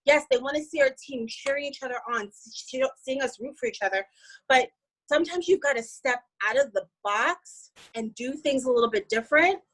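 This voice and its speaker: Upbeat, slightly high-voiced woman coaching. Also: moderate pace, a bit bright, poor audio. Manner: upbeat and emphatic, casual with frequent "like". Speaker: network marketing team member. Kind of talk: motivational talk.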